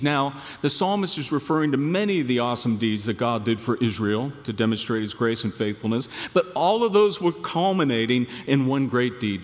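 A male pastor preaching a sermon, swelling to loud emphatic peaks and then dropping low and quiet. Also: in a large hall.

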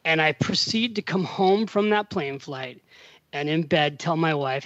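A man's voice: a little high, measured pace, no echo, highs cut off. A middle-aged man, a podcast guest, telling a long story in casual conversation and acting out the quotes. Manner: animated storyteller, acts out quotes.

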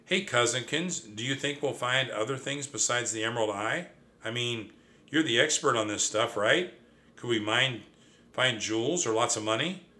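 A man's voice: medium pitch, moderate pace, bright, forceful tone, lightly acted. A man voicing an impatient, irritating male mouse cousin in a brash, teasing manner in a storybook reading.

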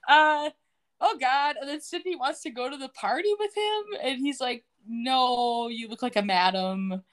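A woman with a high voice, speaking a little slowly, co-hosts a podcast. She recaps a TV episode in casual chat, laughing often and retelling scenes by quoting the characters' voices.

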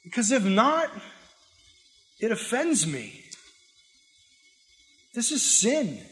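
A man with a notably high voice preaches to his congregation, shifting into little acted voices for the prayers and grumbles he quotes. His delivery is animated and emphatic but stays conversational, like a pastor talking straight to his church. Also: extremely slow, long reverb tail. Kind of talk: sermon.

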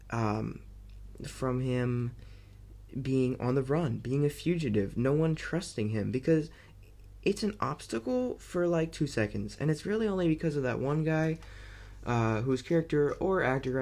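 Rambling man reviewing a movie. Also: mid-range voice. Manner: rambling and filler-heavy, with frequent restarts; excitable and amused. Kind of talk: casual movie review monologue.

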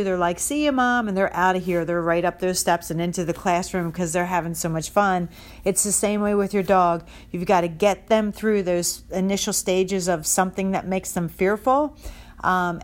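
A woman dog trainer giving casual, direct advice, talking it through with frequent ums and you-knows. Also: on the low side. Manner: direct and instructive, with many fillers.

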